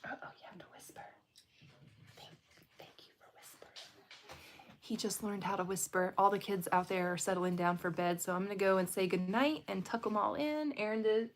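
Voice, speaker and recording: A woman's voice: fairly low pitch, fairly bright tone, a little hiss or hum. A woman, casually chatting with viewers on a late-night livestream from home. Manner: chatty, talks directly to viewers. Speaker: livestream host.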